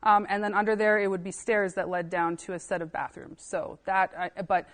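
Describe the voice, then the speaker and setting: A woman, an assistant archivist, chatting on a podcast and telling lively anecdotes, acting out the dialogue with laughs and fillers. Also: mid-range voice, fairly quick. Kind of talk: casual podcast storytelling.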